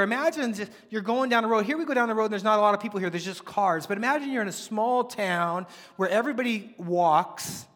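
A man's voice: sits high, fairly bright tone, in a large hall. A man preaching a sermon, telling stories dramatically, crying out quoted lines and then dropping to near whispers. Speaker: pastor.

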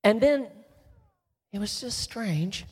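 Texan man guest speaker, husky, storytelling that drops into whispers, long hall echo. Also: high voice, takes it slowly. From Texas. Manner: shifts from lively storytelling to soft emotional whispers. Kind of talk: inspirational storytelling talk.

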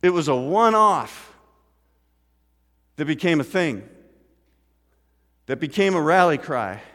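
Middle-aged male pastor, raised pitch, storytelling sermon, long church reverb. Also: sing-song, slow pace, a bit bright. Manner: storytelling, addresses the congregation with questions. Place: church sanctuary.

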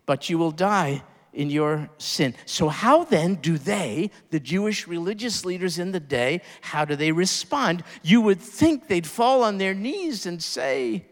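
A pastor delivers his sermon in a high, animated voice that swings widely in pitch. He presses hard on some phrases and lets others fall low and quiet. His voice carries with the long reverb of a church sanctuary. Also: a little slow. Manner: preaching with swelling emphasis, dropping low and soft on key words.

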